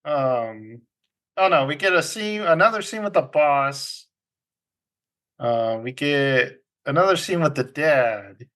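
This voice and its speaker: Man, co-host, casual film chat, slightly high voice, bright, retells scenes playfully. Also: animated, slow pace. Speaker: podcast co-host. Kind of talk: casual movie discussion.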